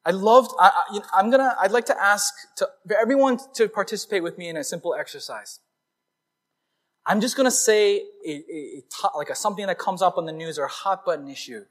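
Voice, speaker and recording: A male pastor giving a conversational, animated sermon to his congregation. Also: sits high, quick pace.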